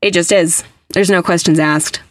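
A woman's voice: on the low side, steady tone, moderate pace. A young adult woman hosting a podcast, chatting casually and emphatically with lots of "like" fillers. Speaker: podcast host. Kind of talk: casual faith podcast chat.

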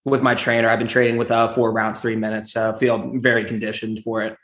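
A man's voice: fairly low pitch, little pitch movement, quick pace, a bit bright. A young man in his twenties, a guest in a casual interview, talking easily and laughing through his stories. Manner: easygoing, laughs while telling stories. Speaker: guest, amateur charity boxer. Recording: roomy echo.

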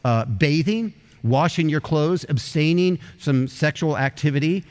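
A middle-aged man preaching a sermon as pastor, telling a story with quick asides and slowing down for emphatic phrases. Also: a little high, big-room sound.

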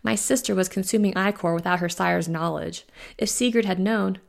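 A woman's voice: medium pitch, normal speed, creaky, close to an everyday voice. A woman voicing a young witch who speaks earnestly with a wavering voice.

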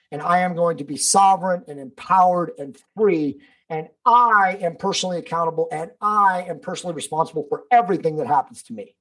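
A man's voice: high voice, slightly rough, poor audio. A man talking as a podcast guest, emphatic and preachy, swearing freely and calling the host bro and dude. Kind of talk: casual podcast conversation.

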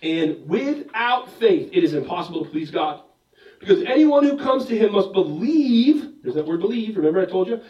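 A man's voice: high-pitched, normal speed, dull audio. A man preaching a sermon, telling the story with jokes and acting out the voices of the people in it. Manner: animated, joking storyteller acting out bits. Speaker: pastor. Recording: roomy echo, mic at a distance.

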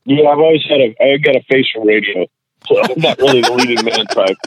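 A comedian and voice actor from Houston, Texas, chats casually and tells stories, laughing through his anecdotes. His voice is medium-pitched and quick, heard over a tinny, dry phone line.

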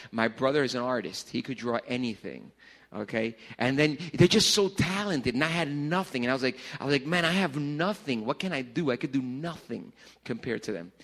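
A middle-aged pastor with a medium-pitched voice gives a casual youth sermon in a church hall. He jokes around and swings between loud bursts and hushed lines.

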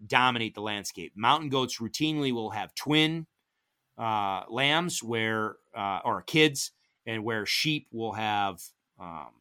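A middle-aged podcast guest recounts hunting experiences in a casual, animated way. His quoted dialogue is performed with wide jumps in pitch.

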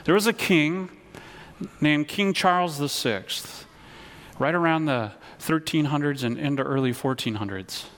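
A man's voice: a little high, measured pace, a bit bright. Earnest man preaching in a reverberant hall. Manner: earnest, repeats words, leads call-and-response. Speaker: pastor. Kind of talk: sermon.

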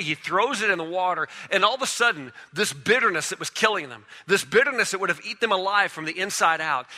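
Man pastor, sermon delivery, high and sharp, casual then building, big church reverb. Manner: conversational preaching, voice drops soft then swells in storytelling. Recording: long hall reverb.

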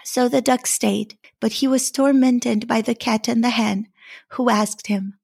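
A woman telling a fairy tale in a measured, expressive storybook narration. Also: fairly high pitch, vocal fry, husky.

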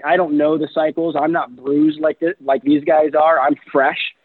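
A man telling career stories in a loose interview, chatty and animated, with lots of "you know" and "right". His voice sits a little high for a man. It comes through a thin, phone-like line with a dry sound. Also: dry recording. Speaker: guest, real estate investor. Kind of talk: casual interview storytelling.

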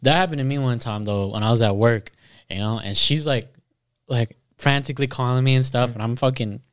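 A man's voice: medium pitch, brisk, clean tone. A man telling stories in casual, profane chat, mimicking what others said. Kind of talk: casual podcast chat among friends.

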